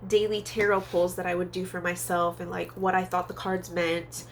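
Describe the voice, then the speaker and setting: A woman's voice: little pitch movement, moderate pace, a little hiss or hum. A young woman vlogging a candid storytime, chatty with lots of fillers, nose a little stuffy from allergies. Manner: chatty and candid, many fillers, acts out quoted voices in a high pitch. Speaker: psychic tarot reader and vlogger. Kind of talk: casual storytime monologue. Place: Hawaii.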